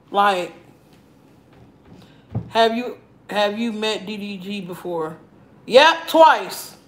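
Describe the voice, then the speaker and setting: A woman hosting a live mukbang stream from home, chatting loudly and profanely while answering viewer comments. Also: medium pitch, poor audio. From Arizona. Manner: loud, profane, animated, reading and answering chat comments. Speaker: livestream mukbang host. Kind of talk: casual live-stream chat.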